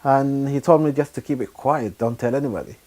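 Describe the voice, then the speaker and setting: Man, halting personal testimony. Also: medium pitch, dark tone. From Sudan. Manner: halting, unhurried, with frequent pauses and fillers. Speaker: churchgoer giving his testimony.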